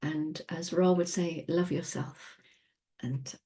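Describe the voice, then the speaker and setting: Woman teacher, low mellow voice, relaxed casual monologue, frequent laughs and whispered asides. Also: slow pace. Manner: relaxed, laughs often, drops into soft near-whispered asides. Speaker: human design teacher.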